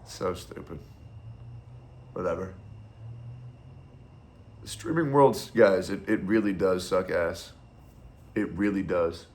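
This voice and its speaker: A man's voice: deep voice, slow, long pauses. A male streamer in a casual, blunt monologue, ranting with heavy profanity and strong opinions.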